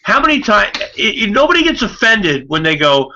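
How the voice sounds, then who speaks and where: A man's voice: high voice, very animated, moderate pace, pushed and bright. A man chatting casually on an online call, rambling and swearing, with many fillers and restarts. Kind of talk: casual chat. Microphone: online video call. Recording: muffled online call audio.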